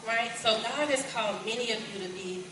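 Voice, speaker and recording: Brief: woman pastor, 40s, Kentucky accent, lively and folksy, noisy hall recording. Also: a little high, a little fast. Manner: lively, folksy, calls out to the crowd. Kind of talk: conference sermon. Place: large conference hall. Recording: echoey hall, distant and noisy.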